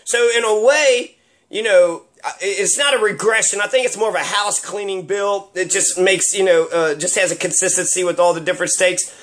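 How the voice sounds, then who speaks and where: High-pitched guy rambling, sarcastic, lots of uh and you know. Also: normal speed, a bit bright. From Kentucky. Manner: sarcastic, rambling, many fillers and restarts. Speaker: commentator. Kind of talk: rambling solo commentary.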